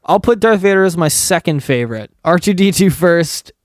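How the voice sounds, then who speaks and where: A man in casual conversation, telling stories in an animated way. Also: high-pitched, dry recording, studio quality. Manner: animated storytelling, quick asides. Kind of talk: casual chat.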